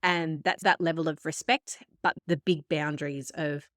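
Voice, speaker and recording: A woman therapist and podcast host giving calm, explanatory advice to parents, acting out parents and children as she goes. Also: deep voice, normal speed, few pauses, dry recording, studio quality. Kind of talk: solo advice talk.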